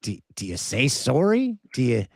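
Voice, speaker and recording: A man's voice: mid-range voice, huge pitch swings, moderate pace, gravelly, darkish tone. A man hosting a sports talk show who asks questions in a friendly, easygoing way with some light laughter. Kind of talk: casual interview.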